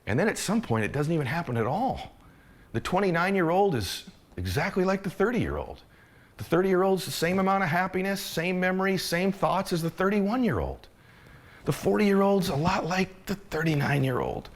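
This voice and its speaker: A middle-aged man giving a motivational speech, impassioned and swinging between urgent and hushed, intimate moments. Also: high-pitched, big pitch swings, normal speed. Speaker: motivational speaker.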